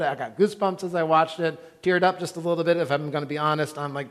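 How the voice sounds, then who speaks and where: A male pastor delivers a sermon in a church sanctuary, speaking in a slightly high voice. He talks earnestly and conversationally, tossing casual asides to the congregation. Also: fairly even intonation, fast, few pauses, fairly bright tone, long reverb tail.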